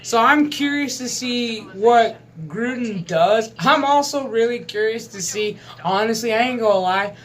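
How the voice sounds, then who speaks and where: Casual sports vlog host, rambling, profane, chuckling, mid-pitched voice. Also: fairly bright tone. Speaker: channel host. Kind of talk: casual sports chat to camera.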